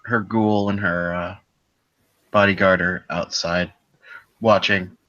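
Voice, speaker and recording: A man player in a tabletop role-playing game, describing his character's actions slowly and hesitantly. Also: deep voice, steady tone, pushed and bright, highs cut off. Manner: slow, hesitant with fillers.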